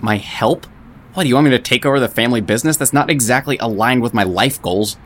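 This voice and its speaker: A man's voice: medium pitch, fast talker, a bit bright, close to an everyday voice. A man voicing a sarcastic, foul-mouthed musician who is an estranged grown child in an audio drama, speaking bluntly.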